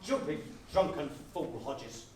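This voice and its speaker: A man's voice: on the high side, expressive, slow pace, a little mellow. Pompous, blustering wartime captain, played by a man on stage; noisy, echoey distant hall sound. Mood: exasperated. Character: pompous middle-aged male Home Guard captain. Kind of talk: amateur stage comedy performance. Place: theatre stage.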